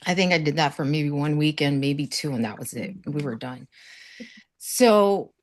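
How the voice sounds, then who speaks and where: Her voice sits low and moves at a moderate pace. This woman from South Florida is on a summit panel, chatting casually as she shares earnest, faith-filled stories and acts out quoted voices.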